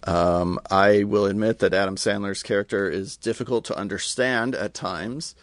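Man, podcast co-host, casual chat, measured and reflective, deep voice, dry sound. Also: steady tone, no echo.

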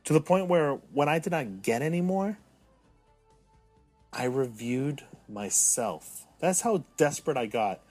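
Male podcast host, 30s, mid-pitched, melodramatic self-mocking delivery, light music bed. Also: animated, a little slow, darkish tone. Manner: mock-dramatic, swinging from self-pitying to indignant. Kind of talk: solo podcast monologue.

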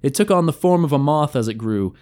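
A man's voice: fairly high pitch, expressive, brisk, darkish tone. Man narrating a fantasy story. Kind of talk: storybook narration of a tabletop campaign.

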